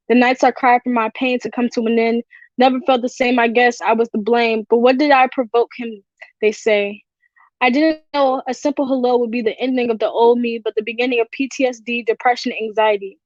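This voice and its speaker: A woman performing a spoken word poem at an online open mic, with a steady, confessional delivery. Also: fairly high pitch, fairly quick, no room sound, dull audio. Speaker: poet. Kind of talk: spoken word poetry reading.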